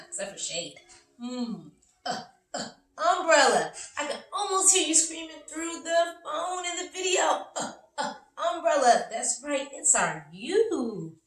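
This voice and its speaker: A woman teaching phonics to young children, slow and encouraging, sounding out letters with exaggerated care. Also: high-pitched, sing-song. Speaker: early-learning teacher. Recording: roomy, from a distance.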